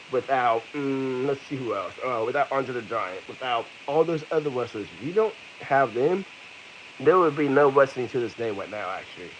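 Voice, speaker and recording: A man's voice: medium pitch, slight background noise, poor audio. A man in his thirties from America, ranting heatedly with lots of profanity and repetition in an angry vlog. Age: 30s. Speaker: vlogger.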